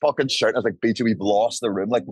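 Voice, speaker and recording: A man's voice: on the low side, rapid-fire, a little mellow, husky, no echo, low-quality recording. A man telling a wild story on a podcast, acting out the voices and swearing freely. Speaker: podcast guest. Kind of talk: casual storytelling. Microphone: podcast studio mic.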